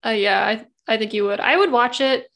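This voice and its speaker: A woman's voice: a little high, moderate pace, fairly bright tone. A woman co-hosting a podcast, chatting casually and tentatively with many fillers. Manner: easygoing, filler-heavy, tentative. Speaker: podcast co-host. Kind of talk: casual chat.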